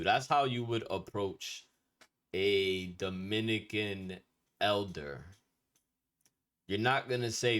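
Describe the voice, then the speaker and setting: Male teacher with a deep voice, loose and slangy, blunt, swears now and then, casual lesson delivery. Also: unhurried, a bit bright. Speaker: Spanish culture teacher.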